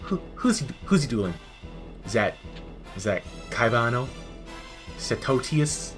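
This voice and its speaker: A man's voice: mid-range voice, very animated, a little slow, fairly bright tone, soft background music. A man giving a comedic, sarcastic game review voice-over that breaks into exasperated rants, recorded close on a mic.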